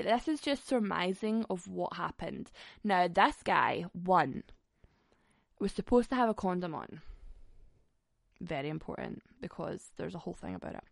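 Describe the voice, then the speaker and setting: A woman's voice: medium pitch, creaky, a bit bright, no room sound, clean studio sound. A young woman hosting a podcast, telling a frank story bluntly with lots of swearing and laughing mid-sentence. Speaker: podcast host. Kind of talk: candid comic storytelling.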